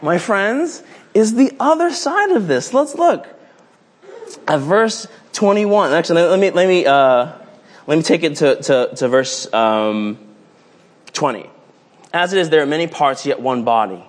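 A man preaches in a casual, storytelling way. His voice sits high and swoops up and down with energy. He restarts his phrases and plays with the story as he goes. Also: measured pace. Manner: animated, rambling with restarts, playful.

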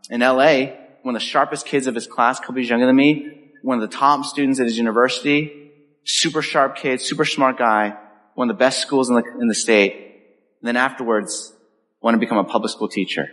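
A male pastor preaching a sermon in an animated way, acting out the voices he quotes. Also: medium pitch. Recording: echoey hall with long reverb.

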